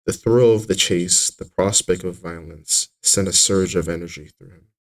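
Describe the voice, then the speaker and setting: A man narrating his own fantasy book as an audiobook, steady with occasional slips and restarts. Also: low voice, normal speed, poor audio.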